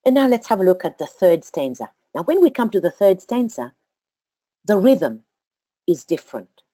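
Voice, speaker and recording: A woman giving a slow, deliberate study talk to a group, counting out syllables as she teaches. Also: mid-range voice, big pitch swings, mellow, no room sound.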